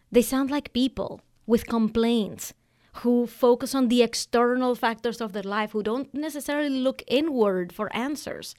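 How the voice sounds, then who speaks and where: A woman hosting a business coaching podcast, giving advice in an emphatic, conversational way and acting out quotes from clients. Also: on the high side. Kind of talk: energetic solo podcast advice.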